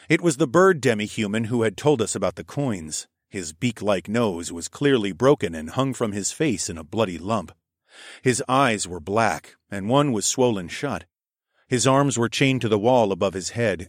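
A man with a lowish voice narrating a fantasy audiobook in the first person. His storytelling is measured and steady. The recording is dry and close, with no room echo.

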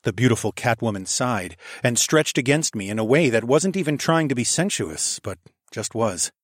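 A man's voice: medium pitch, lively intonation, normal speed, no echo, clean studio sound. A man narrating a first-person romantic fantasy story, intimate and wry, switching between narration and dialogue. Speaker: audiobook narrator.

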